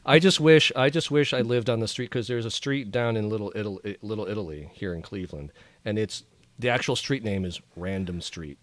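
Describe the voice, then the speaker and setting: A man's voice: on the low side, brisk, dry recording. A man co-hosting a podcast, joking around in casual chat with playful banter. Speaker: podcast co-host.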